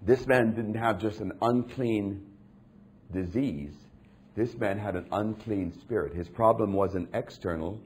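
A man preaching a sermon in a dramatic, emphatic way, dropping low and hushed and then building to loud, intense stretches. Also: unhurried, slight background noise.

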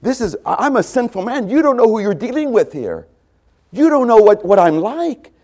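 A man's voice: extremely high pitch, big pitch swings, normal speed, darkish tone, pitched above the performer's own voice, exaggerated voice. A man preacher voicing an overwhelmed adult fisherman who pleads and confesses he is a sinful man. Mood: pleading, distraught. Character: humbled adult male fisherman, overwhelmed and ashamed.

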